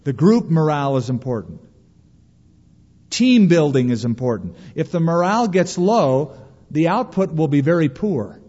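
A man preaching a sermon as pastor, emphatic and animated, acting out quoted lines. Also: moderate pace. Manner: emphatic preaching, voices quotes with raised pitch. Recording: dull sound in a long-reverb hall.

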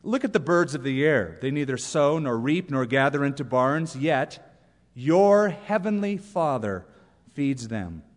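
Animated preacher man in a reverberant hall. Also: mid-range voice, unhurried. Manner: animated, reads quotes with humor. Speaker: pastor. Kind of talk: sermon. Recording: long reverb of a church hall.

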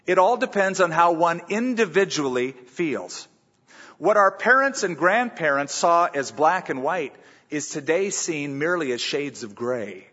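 A man preaching a sermon in earnest, reading scripture aloud and slowing down for emphasis. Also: on the high side, very animated, sharp tone, big-room sound, lo-fi sound. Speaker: pastor.

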